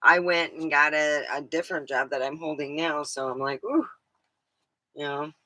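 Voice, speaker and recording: Chatty woman with a bright voice. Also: deep voice, fairly even intonation, fairly quick, dry recording, low-quality recording. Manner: meandering and chatty, with mild swearing. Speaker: livestreamer. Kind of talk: casual rambling chat.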